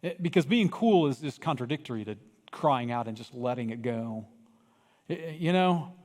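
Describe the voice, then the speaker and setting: A man preaching a sermon as pastor, animated, acting out cries from the story and dropping to hushed, earnest tones. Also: medium pitch, normal speed. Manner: animated, acts out voices of people in the story, swings from loud cries to hushed. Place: church sanctuary. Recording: long reverb of a church hall.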